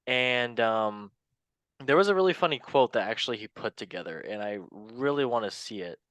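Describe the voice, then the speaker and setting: A man's voice: mid-range voice, lively intonation, moderate pace, a bit bright, no room sound. Dry-voiced joking man hosting football talk. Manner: joking, rambling, self-mocking asides. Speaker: show host. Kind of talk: casual football news chat.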